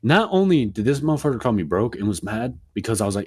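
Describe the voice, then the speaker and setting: A man in his twenties on a podcast, telling a story in an animated, profane rant and acting out what people said. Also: on the low side, fast talker, slightly rough. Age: 20s. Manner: animated, profane ranting with acted-out quotes. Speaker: podcast co-host. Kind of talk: casual storytelling chat.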